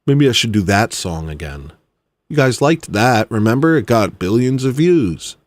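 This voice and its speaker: A man, an independent musician, ranting heatedly, swinging from low grumbling to loud exclamations. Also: big pitch swings, moderate pace, no echo, studio quality. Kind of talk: ranting monologue.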